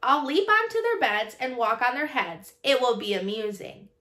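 A woman's voice: fairly high pitch, sing-song, normal speed, sharp tone. A woman voicing a huge, aloof male imaginary cat who talks in prim, old-fashioned phrases. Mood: playful. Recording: roomy echo.

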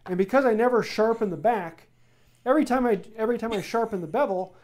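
Relaxed rambling woodworking host. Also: male voice, high voice, fast talker. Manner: relaxed, rambling explanations with many ums. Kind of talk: casual live-stream Q&A.

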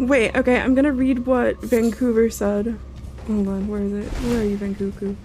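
A woman's voice: medium pitch, steady tone, moderate pace, over music. A woman from the UK chatting playfully on a game stream, giggling and teasing. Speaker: guest on the stream. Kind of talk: casual chat.

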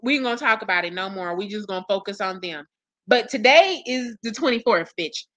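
A woman's voice: mid-range voice, animated, a little fast, fairly bright tone, no room sound. A woman hosting casual commentary for her viewers, blunt, profane and exasperated as she gossips. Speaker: commentary channel host.

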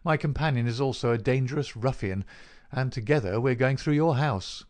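A male reader giving voice to a calm, commanding detective in a plain mid-pitched voice. His lines come firm and clipped, cool under pressure, with the steady poise of a classic audiobook sleuth. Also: moderate pace, dry recording, natural voice. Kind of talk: audiobook character reading.

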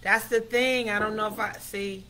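A woman hosting a casual live stream, chatty and excitable, talking straight to her viewers. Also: mid-range voice, normal speed, a little hiss or hum. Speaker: host of a live affirmation stream.

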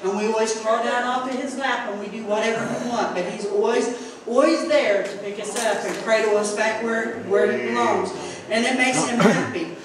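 A woman's voice: a little high, normal speed, crowd noise. A middle-aged woman with a Southern Indiana accent giving a folksy church testimony, acting out quotes and laughing often as she tells her story in the sanctuary. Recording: echoey church from far off, noisy.

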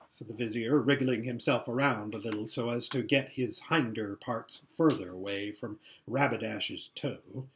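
A man reading a novel aloud in a quiet, understated storytelling manner. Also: on the low side, normal speed, hardly any pauses. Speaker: audiobook reader. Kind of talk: scripted narration of a novel.

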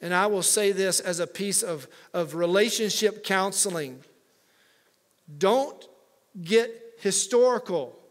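A man's voice: high-pitched, slow. A male pastor preaching a conversational sermon with humorous asides to his congregation. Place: church sanctuary.

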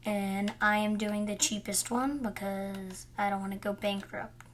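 A young woman plays a cooking game, muttering her actions to herself and occasionally talking to viewers. Her mid-range voice is flat and unhurried, with slight background noise.

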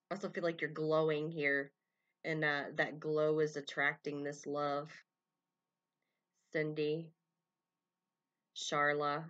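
A woman with a low, bright voice doing a collective tarot love reading for her viewers. She rambles gently and fills gaps with "um" and "you know". She calls out names and letters as they come to her. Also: muffled recording. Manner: meandering, calls out names and initials as they come, frequent fillers. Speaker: tarot reader.

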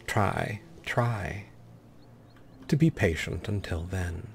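A man's voice: fairly low pitch, slow pace, vocal fry, darkish tone, slight background noise. A man hosting a let's play with commentary, speaking in an affected, pompous persona and calling the game characters darling and dear.

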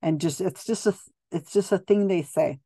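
A woman's voice: lowish voice, normal speed, dark tone, dry recording, clean studio sound. A woman giving skeptical, blunt video commentary, talking casually with frequent ums and restarts. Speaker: commentator reviewing psychic videos.

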